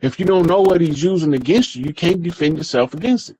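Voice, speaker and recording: A man's voice: on the high side, fast talker, mellow, breathy edge. Profane, emphatic man in casual talk. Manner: profane, emphatic street storytelling. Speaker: podcast speaker. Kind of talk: casual monologue.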